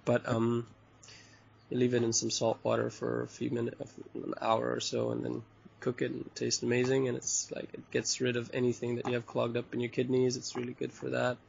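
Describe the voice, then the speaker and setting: Relaxed gravelly man, dull lo-fi sound. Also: medium pitch, a little fast, slight background noise. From Bali. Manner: relaxed, chuckles often, loose and rambling with many fillers. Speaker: hostel owner and interview guest. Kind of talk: casual chat interview. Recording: dull lo-fi recording.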